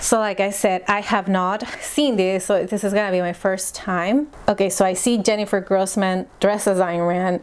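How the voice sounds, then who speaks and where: A woman's voice: mid-range voice, darkish tone, clear, resonant tone. A young adult woman talking chattily in a casual commentary vlog, with lots of "like" fillers. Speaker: vlogger.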